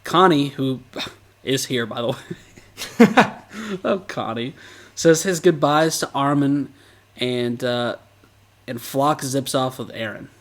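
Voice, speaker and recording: A man co-hosting a podcast, recapping episodes in a casual, animated way and laughing often. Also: mid-range voice, slow, long pauses.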